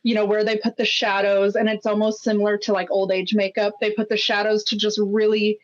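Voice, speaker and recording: A woman's voice: mid-range voice, level tone, a little fast. Woman guest on a dull lo-fi line. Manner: detailed, explanatory, with filler likes. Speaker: podcast guest. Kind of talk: casual film discussion. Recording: dull lo-fi audio.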